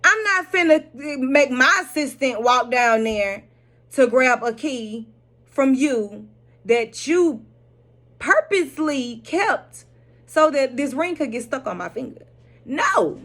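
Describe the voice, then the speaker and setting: Animated woman recapping with blunt laughter. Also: sits high, takes it slowly. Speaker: host recapping a TV drama episode. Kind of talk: casual episode recap.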